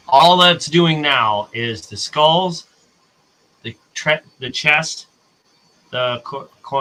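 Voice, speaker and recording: Streamer type: American man, bright and forward tone, chatty and self-correcting. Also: medium pitch, rough recording. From United States. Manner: rambling, self-correcting, talks to chat. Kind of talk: casual chat on a live stream.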